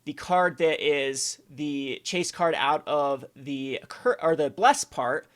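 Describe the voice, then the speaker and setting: A man with a slightly raised pitch chats through a card review in a loose, rambling way. He circles back and restarts his thoughts often, with eager enthusiasm. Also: lively intonation, slow. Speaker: card game channel host. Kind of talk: casual card review commentary.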